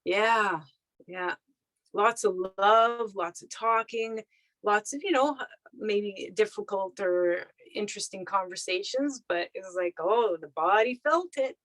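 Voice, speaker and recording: A woman's voice: mid-range voice, measured pace, fairly bright tone, dry recording, poor audio. A woman guest chatting casually in a podcast conversation, laughing often and acting out her own thoughts.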